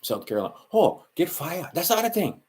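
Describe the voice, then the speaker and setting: A man's voice: a little high, very animated, fast talker, darkish tone, breathy edge. A man with a Hawaiian Pidgin accent, rambling through a solo monologue and correcting himself as he goes. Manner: meandering, self-correcting, asides to the listener. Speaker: channel host.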